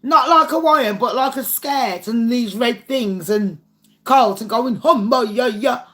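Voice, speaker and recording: A woman's voice: on the high side, a little slow, a bit bright. A woman hosting a casual livestream game with her viewers, blunt and foul-mouthed. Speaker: livestream host.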